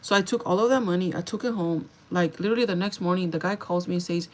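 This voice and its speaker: A woman's voice: on the low side, quick pace, hardly any pauses, poor audio. Chatty young woman telling a story. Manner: chatty, animated, swears freely, switches into Spanish. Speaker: livestream host. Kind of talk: casual storytelling to viewers.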